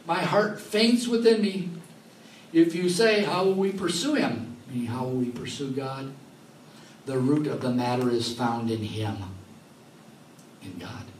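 A man preaching a sermon, lively and laughing often, acting out the voices in his stories. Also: mid-range voice, slight background noise. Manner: animated, laughing often, acts out quoted voices. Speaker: pastor. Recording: roomy sound from far off, faint ambience.

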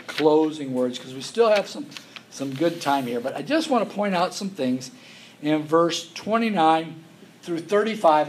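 A male pastor preaches with lively, rising emphasis, his voice sitting somewhat high. He reads scripture with dramatic stress, then drops into a casual, conversational explanation. A faint hiss sits under the recording. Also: roomy sound, recorded from a distance. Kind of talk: sermon.

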